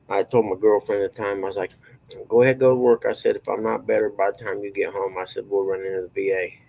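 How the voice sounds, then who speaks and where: Gravelly man, rambling. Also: deep voice, darkish tone, poor audio. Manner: rambling, folksy, drawling storyteller. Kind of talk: casual storytelling chat.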